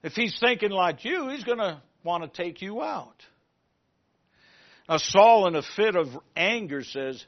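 A man preaching a sermon, retelling a story in an animated way and asking the congregation questions. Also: sits high, measured pace. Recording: muffled lo-fi recording.

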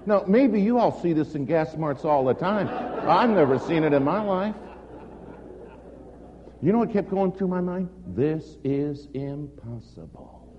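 A man's voice: fairly high pitch, animated, measured pace. A male preacher telling a story from the pulpit in a dramatic, storytelling way. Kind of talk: storytelling sermon. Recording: echoey hall, dull lo-fi sound with faint noise.

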